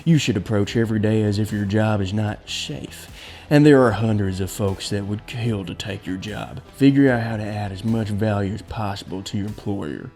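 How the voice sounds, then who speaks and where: A man's voice: lowish voice, moderate pace, a little mellow, faint music behind, close to an everyday voice. A man voicing a stern businessman in a put-on Southern accent, lecturing in a preachy, commanding way. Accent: attempted American Southern.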